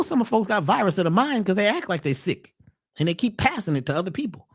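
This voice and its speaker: Animated woman preaching with rhetorical questions. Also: mid-range voice, fast talker, husky, no room sound, studio quality. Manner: slangy, emphatic. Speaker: host, wellness speaker. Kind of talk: preachy monologue.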